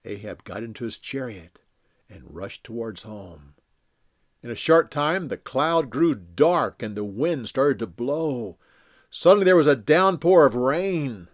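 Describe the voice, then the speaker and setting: Man, bible story narration, expressive, very varied pitch, slow. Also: dry recording, clean studio sound. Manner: expressive, deliberate, acts out quotes.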